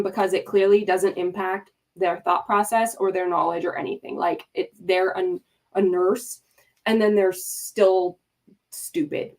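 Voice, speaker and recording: A woman hosting a livestream, ranting in exasperated, emphatic commentary, swearing freely and breaking off to talk to her chat. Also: mid-range voice. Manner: talks to chat and mods mid-rant. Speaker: livestream host.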